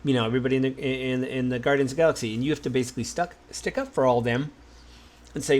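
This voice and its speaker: A married man hosting a podcast, talking in a relaxed, musing way, with many fillers and restarts. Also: mid-range voice, fast talker. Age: adult, married. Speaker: podcast host. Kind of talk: casual solo podcast talk.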